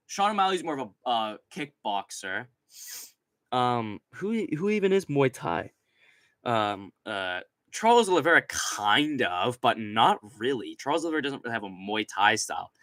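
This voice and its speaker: Bright-voiced young streamer man. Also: mid-range voice, no echo. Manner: crude, rambling, laughs often; reads out chat messages. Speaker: streamer host. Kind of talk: casual live-stream chat.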